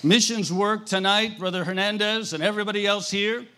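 A man's voice: high voice, fairly even intonation, fairly quick, bright, forceful tone. A man preaching as a missionary, telling a story to his audience with dramatic flair and frequent questions to them. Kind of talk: animated sermon storytelling.

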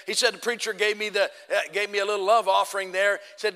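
A man preaching, telling a story with lively quoted voices and loud outbursts. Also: sits high, brisk, big-room sound. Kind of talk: sermon storytelling.

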